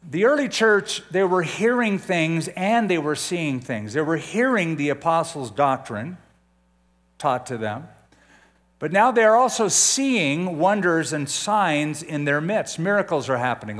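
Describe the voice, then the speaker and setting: A man's voice: a little high, sing-song, measured pace, a bit bright. An older man preaching a conversational sermon as a pastor, often putting questions to his listeners.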